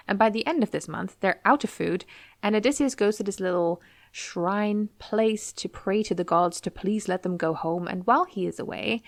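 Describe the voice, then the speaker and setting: Woman podcast host, casual retelling, playful character voices, mid-pitched, close dry sound. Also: creaky, dry recording. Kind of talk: casual storytelling retelling of a book.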